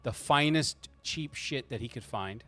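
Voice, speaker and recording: A man's voice: medium pitch, animated, a little slow, a bit bright, soft background music. A man narrating as game master of a tabletop game, rambling with frequent restarts.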